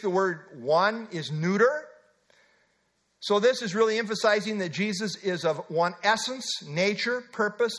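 Brief: male preacher, high voice, emphatic sermon delivery with casual asides. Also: a bit bright. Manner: emphatic, with asides and filler words. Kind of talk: expository sermon.

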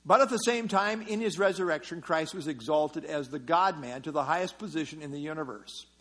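A man's voice: a little high, fairly quick, a bit bright. A man teaching a Bible passage verse by verse in an explanatory sermon style, often repeating key phrases.

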